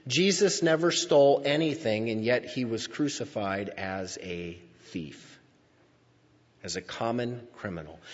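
A man preaching a sermon, reading scripture aloud and explaining it in a slow, deliberate way, stretching out key words for emphasis. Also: medium pitch, husky. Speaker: pastor. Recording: dull sound with long hall reverb.

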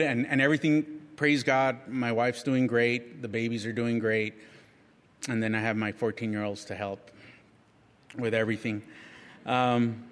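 A man's voice: medium pitch, fairly bright tone. A middle-aged man giving a candid personal testimony at church, frank and self-mocking, chatty with frequent restarts. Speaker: church speaker sharing a testimony. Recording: long reverb of a large hall.

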